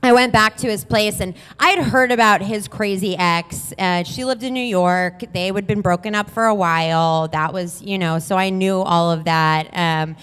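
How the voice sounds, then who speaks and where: A woman's voice: medium pitch, moderate pace, hardly any pauses, fairly bright tone, smooth, big-room sound. A woman telling a true-sounding personal story on stage, chatty and candid, swearing freely. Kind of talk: live comedic storytelling.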